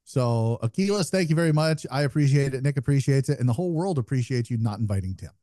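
A man co-hosts a casual podcast and tells stories with lots of swearing and an animated delivery. His voice sits at a middle pitch, and it is recorded dry and close. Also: fast, dry recording. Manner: profane, animated storytelling. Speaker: podcast co-host. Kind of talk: casual chat.

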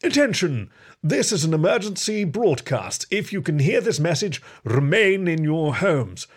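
Guy doing a bossy emergency radio voice, urgent, husky. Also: fairly high pitch, big pitch swings, measured pace, pitched above the performer's own voice, full character voice. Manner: commanding, urgent. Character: formal male emergency broadcast announcer.

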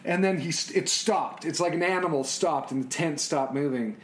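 A middle-aged man telling personal stories about being a father, animated, often repeating words and restarting sentences. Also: on the high side, moderate pace. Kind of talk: casual storytelling.

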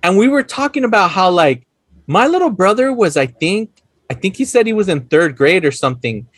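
A young man co-hosting a casual movie chat, animated and swearing, acting out quotes and laughing often. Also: high-pitched, brisk, no room sound, studio quality. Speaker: podcast co-host.

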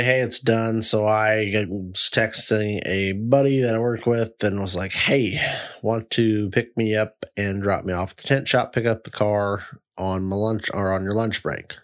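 A young man casually telling a long, rambling story, swearing freely and getting animated. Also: on the low side, measured pace. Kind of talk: casual chat.

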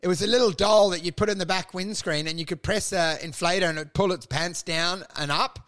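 High-voiced man riffing comedically. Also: fairly quick, a bit bright. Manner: riffing, acts out mock dialogue in silly voices. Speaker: podcast co-host. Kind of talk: casual comedic banter.

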